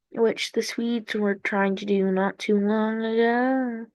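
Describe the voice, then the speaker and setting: A woman's voice: a little high, fairly even intonation, takes it slowly, few pauses, a little mellow, dry recording. A woman giving casual, rambling commentary on a strategy game, with playful asides and sound effects, on a dull lo-fi recording.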